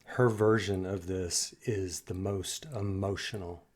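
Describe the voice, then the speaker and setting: Low-voiced man in admiring reflection. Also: fairly even intonation. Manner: reflective and admiring, trailing off into soft pauses. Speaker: music reaction host. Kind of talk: casual reaction commentary.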